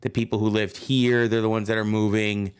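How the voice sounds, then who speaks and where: A man's voice: fairly low pitch, flat delivery, brisk, clean tone. A man teaching a casual history lesson, talking loosely and often checking in with his students. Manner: chatty, loose, checks in with "right?". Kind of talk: casual classroom lecture.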